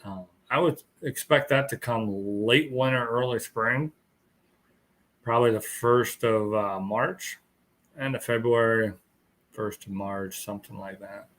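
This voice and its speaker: A man's voice: mid-range voice, steady tone, unhurried, a bit bright. Tired male stream host, casual rambling chat, mid-range voice, chuckles between thoughts. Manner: rambling, chuckles often, greets viewers. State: tired, yawning.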